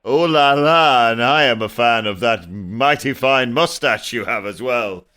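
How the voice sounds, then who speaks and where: A man's voice: mid-range voice, unhurried, sharp tone. A man voicing a big, boastful male warrior who puts on a fake French accent. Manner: boastful, hammy.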